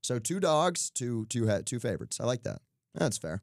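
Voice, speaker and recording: A man's voice: mid-range voice, big pitch swings, normal speed, no room sound, studio quality. A young man co-hosting a podcast, chatting casually about sports picks with loose, joking asides. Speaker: podcast co-host. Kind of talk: casual sports betting chat.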